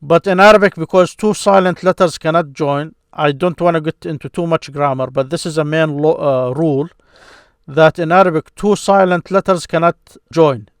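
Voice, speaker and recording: A man teaching a beginners' grammar lesson, explaining patiently and repeating syllables slowly for his learners. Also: fairly high pitch, clean tone, no room sound, clean studio sound.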